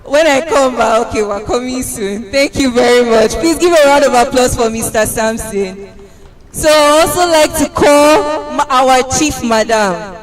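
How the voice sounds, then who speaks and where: A man's voice: very high-pitched, a little slow, low-quality recording. A man hosting an event as master of ceremonies, upbeat and hyping up the crowd. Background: music.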